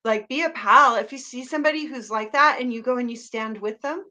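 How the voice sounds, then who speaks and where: Female guest, earnest storyteller, bright tone, slightly high pitch. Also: brisk. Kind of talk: casual chat.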